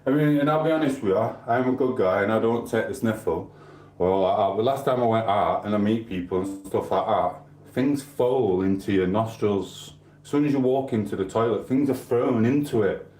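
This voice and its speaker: A man's voice: fairly low pitch, moderate pace, a little mellow, echoey room. A man hosting a stream, rambling in casual chat with swearing and asides to viewers. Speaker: livestream host.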